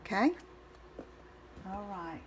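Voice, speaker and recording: A woman's voice: mid-range voice, slow pace, slight background noise. A woman giving a live card-making demonstration, chatty and encouraging, greeting viewers by name.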